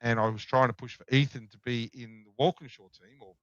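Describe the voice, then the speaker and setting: Brisk and fairly even in intonation, this middle-aged Australian's mid-range voice carries his casual, profane stories as a podcast guest. He's blunt, and the lo-fi recording sounds dull and dry, with no room sound.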